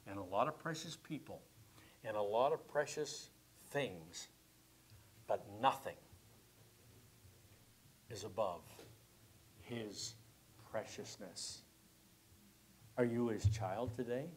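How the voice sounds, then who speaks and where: Slow preaching man with dramatic swells. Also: on the low side, animated, husky. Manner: preaching with swells of loudness and drops to near-whispers; slow, deliberate delivery. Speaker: pastor. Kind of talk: sermon.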